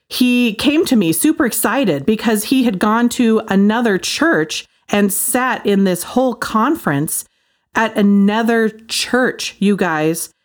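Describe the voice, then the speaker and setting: Woman, Christian commentator, casual animated monologue to camera. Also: medium pitch. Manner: animated, chatty storytelling with quoted voices and laughs.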